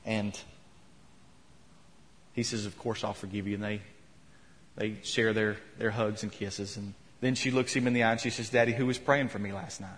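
A man's voice: fairly low pitch, flat delivery, normal speed, pauses often, fairly bright tone, slight background noise. Man preaching a sermon in a reverberant church. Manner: storytelling, retelling quotes with rising emphasis. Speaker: pastor. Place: church sanctuary. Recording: long hall reverb.

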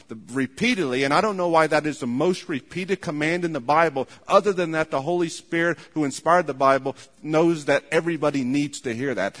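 A man's voice: a little high, brisk, hardly any pauses, fairly bright tone. A man preaching a sermon, earnest and repetitive, acting out imagined people as he goes. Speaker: pastor. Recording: long hall reverb.

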